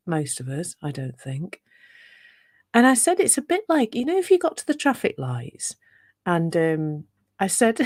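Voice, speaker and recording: A woman's voice: on the low side, a little mellow, no echo, studio quality. A woman teaching on a live talk, chatty and playful, with rhetorical asides to her listeners. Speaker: self-compassion teacher.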